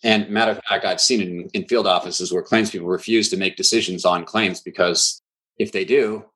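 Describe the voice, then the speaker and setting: A man with a fairly low voice, guesting on an interview. He tells his points as lively anecdotes and speeds up in quick bursts when he gets going. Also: poor audio. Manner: animated storyteller, quick bursts. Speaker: claims training instructor, guest. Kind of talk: conversational interview.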